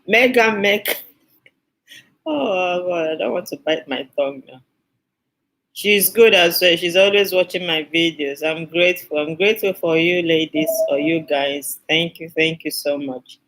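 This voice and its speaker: A woman's voice: lowish voice, unhurried, fairly bright tone, poor audio. A woman hosting a skincare live stream, chatting with viewers and thanking them effusively, often repeating her phrases. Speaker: skincare channel host.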